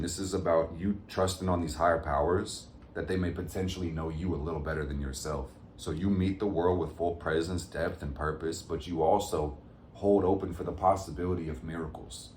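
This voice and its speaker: A man's voice: low-pitched, steady tone, fairly quick, a little mellow, roomy sound, slight background noise. A man giving a casual, upbeat tarot reading to his viewers, full of motivational pep talk. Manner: upbeat, motivational, addresses viewers as fam and gang. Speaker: tarot reader.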